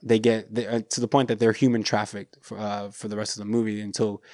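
A podcast host with an American accent and a fairly low, fast voice chats casually, animatedly retelling a film scene and acting out its lines. The sound is studio quality with no echo.

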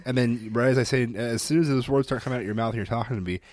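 A man's voice: medium pitch, steady tone, very fast, darkish tone, no room sound. A man co-hosting a casual chat podcast, bluntly talking about parenting and swearing freely as he rants.

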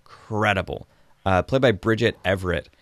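A man's voice: on the low side, moderate pace, fairly bright tone, no room sound. Chatty man reviewing a film. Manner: chatty, rambling, laughs often. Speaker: podcast host reviewing a film. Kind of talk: casual chat.

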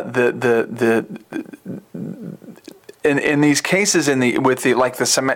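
A man who is a religious brother, talking as a guest in a casual chat, halting and repeating words as he searches for them. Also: medium pitch.

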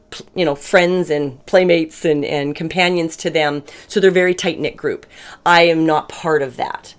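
A middle-aged woman talks through a personal story in a frank, chatty manner. Her voice sits a little low, and she often breaks off and restarts her sentences as she goes. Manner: chatty and candid, self-described bossy, frequent restarts.

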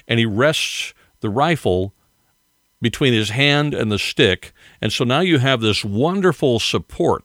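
A man's voice: lowish voice, a bit bright, no room sound, clean studio sound. An older man hosting a podcast, rambling through a casual monologue with chuckling asides. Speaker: podcast host.

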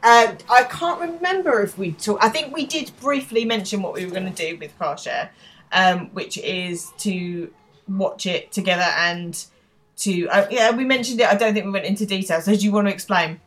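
A woman's voice: mid-range voice, normal speed, fairly bright tone, poor audio. A married woman co-hosting a podcast, chatting casually and animatedly, laughing and swearing now and then. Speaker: podcast co-host. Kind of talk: casual chat.

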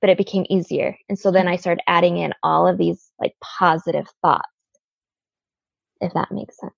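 A woman tells her own story with earnest openness, her words dotted with casual fillers. Her voice carries a gravelly edge. The sound is dry and a little muffled, like a lo-fi recording. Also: on the low side, steady tone, normal speed, no echo. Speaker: guest. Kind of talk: personal story in an interview.

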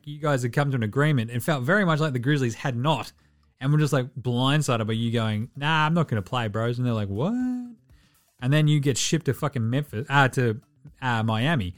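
A man hosting a casual sports podcast, running through game stats with an irreverent, sweary, joking manner. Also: medium pitch. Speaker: podcast host.

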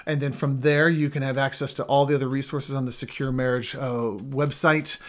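A man's voice: medium pitch, level tone, a little fast, fairly bright tone. A middle-aged man co-hosting a marriage show, explaining communication habits in an earnest, emphatic way. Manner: earnest, emphatic, builds intensity in lists. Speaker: co-host, marriage coach. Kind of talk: casual teaching chat.

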